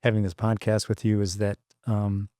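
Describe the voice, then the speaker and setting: A man in his sixties from Michigan, United States, speaks in a fairly low, monotone, dark voice at a normal speed, recorded clean in a studio with no room sound. As a podcast guest he rambles through childhood memories, full of asides, fillers and restarts, in a reflective storytelling style.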